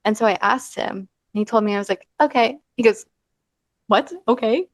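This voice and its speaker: A woman's voice: medium pitch, flat delivery, fast, no room sound. Chatty young woman, dry mic. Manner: rambling anecdotes with fillers and quoted dialogue. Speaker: podcast co-host. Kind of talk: casual chat.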